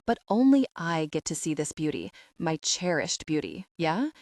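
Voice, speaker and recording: A woman reading the lines of a confident, possessive adult man who speaks in a low murmur in a romance audiobook. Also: very animated, moderate pace, darkish tone, no echo, studio quality.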